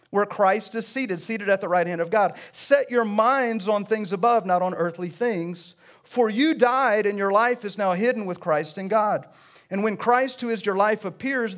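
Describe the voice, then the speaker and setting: A middle-aged man preaching a sermon as pastor, rising emphatically on key phrases. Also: high voice.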